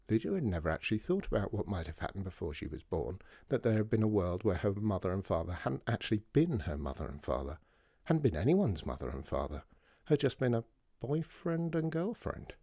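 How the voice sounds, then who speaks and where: Low, mellow storyteller. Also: male voice, no room sound, clean studio sound. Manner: calm, measured storytelling. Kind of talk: scripted story narration.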